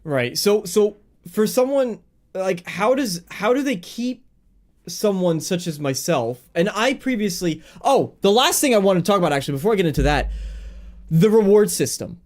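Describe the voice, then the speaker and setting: A man's voice: sits high, expressive, moderate pace. Chatty, laughing stream host, man. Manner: chatty, laughs easily, reads chat aloud. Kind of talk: live-streamed gaming news chat.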